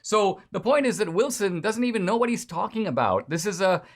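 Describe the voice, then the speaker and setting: A man's voice: sits high, lively intonation, fairly quick. A man giving a lecture-style political commentary in a sarcastic, lecturing manner.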